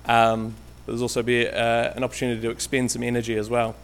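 This guest lay preacher from Canterbury, New Zealand talks fast in a mid-range monotone, with slight background noise. His informal church talk is hesitant and full of ums and restarts. He uses a stage mic but occasionally steps away.

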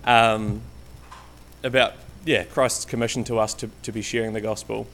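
His lowish voice is level and a bit bright at a normal speed, with a little hiss or hum in the background. A guest lay preacher from Canterbury, New Zealand, he gives a casual, hesitant church talk crowded with ums and restarts. He's on a stage mic and now and then wanders from it.

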